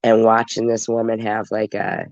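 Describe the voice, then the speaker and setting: A man's voice: lowish voice, level tone, moderate pace, creaky, dry recording. A congested man, hosting a livestream and rambling casually to his viewers. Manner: rambling, talks straight to viewers. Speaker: livestream host. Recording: dull lo-fi stream audio.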